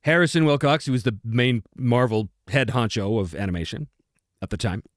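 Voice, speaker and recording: A man's voice: mid-range voice, normal speed, dry recording, studio quality. A man hosting a livestream as a voice actor, chatting casually and telling stories with easy laughter. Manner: lively storyteller who laughs easily. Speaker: voice actor and streamer host.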